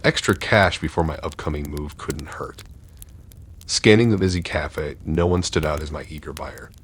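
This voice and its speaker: A man reading horror stories aloud in a steady, dark scripted narration. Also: very deep voice, normal speed, breathy edge.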